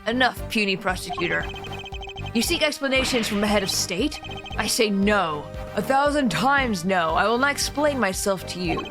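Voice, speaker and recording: A woman's voice: medium pitch, animated, moderate pace, close to an everyday voice. A woman voicing a haughty male head of state in a game, reading grandiose commanding lines over game music. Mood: pompous.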